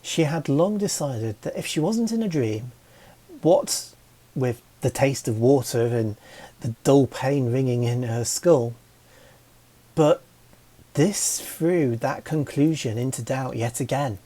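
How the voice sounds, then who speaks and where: A man reading a fantasy story aloud as narrator, with a slow, even delivery. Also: medium pitch. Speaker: audiobook reader.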